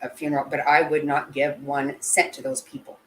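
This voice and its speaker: A woman with a low voice gives live commentary to her chat. She talks bluntly and emotionally, swears freely and keeps breaking off and restarting her sentences. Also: flat delivery, fairly quick, slight background noise, low-quality recording. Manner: blunt and heated, with frequent swearing. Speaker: channel host.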